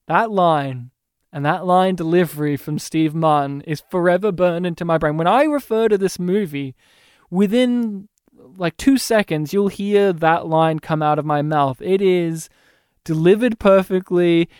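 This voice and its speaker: A man's voice: sits high, moderate pace, a little mellow, smooth, dry recording, studio quality. A man hosting a casual movie review chat, enthusiastic and rambling. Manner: enthusiastic, rambling, quotes lines in funny voices. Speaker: podcast host.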